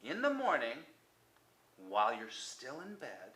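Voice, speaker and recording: A man giving a motivational self-help talk to the viewer, coaxing and repetitive, sometimes dropping to a soft near-whisper. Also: mid-range voice, wildly swooping pitch, measured pace, roomy sound, rough recording.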